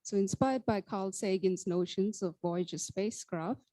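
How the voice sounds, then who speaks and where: A woman co-chair giving a short closing speech, soft and a little hesitant. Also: mid-range voice, normal speed, dry recording, poor audio. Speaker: team project co-chair.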